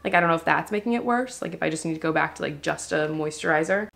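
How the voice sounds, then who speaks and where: Young woman vlogger talking to camera, tearful and rambly, lots of vocal fry, kinda low voice. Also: fast talker, fairly bright tone. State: crying, upset. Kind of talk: casual vlog talk to camera.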